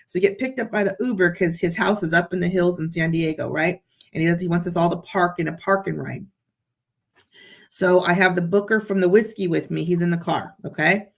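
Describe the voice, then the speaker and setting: A woman chatting as a guest, telling a story in an excited, animated way. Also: on the low side, a little fast, creaky. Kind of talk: casual chat.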